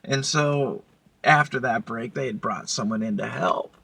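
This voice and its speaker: Gravelly, bright-voiced woman telling a blunt story. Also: a bass voice, measured pace. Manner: blunt, profane, heated retelling. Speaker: vlogger. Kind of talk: casual storytelling to camera.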